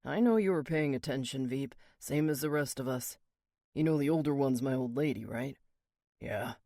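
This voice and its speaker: A man voicing a rough, blunt male biker who swears and growls his words, in an audiobook. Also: moderate pace, mellow, dry recording, studio quality, lightly acted. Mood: defiant. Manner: crude, swearing, low growl. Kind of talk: audiobook character reading.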